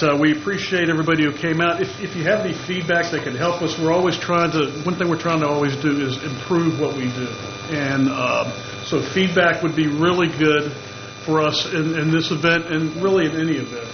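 A man with a slightly raised voice gives friendly community announcements at a public meeting, filling pauses with "uh." The audio is muffled, and a steady hum runs clearly underneath. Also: a little high. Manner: friendly, frequent "uh" fillers. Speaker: chamber of commerce representative.

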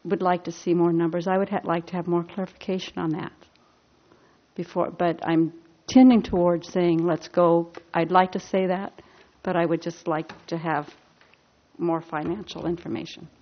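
Lady at a city meeting, kinda unsure, low voice, muffled sound. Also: fairly even intonation. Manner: hesitant, halting, questioning. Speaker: board member at a city meeting. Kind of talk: discussion at a public meeting. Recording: dull lo-fi meeting recording.

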